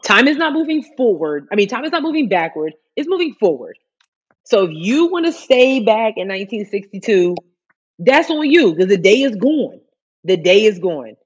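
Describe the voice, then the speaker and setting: Animated rambling woman, lo-fi sound. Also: mid-range voice, normal speed, slightly rough. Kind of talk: casual chat.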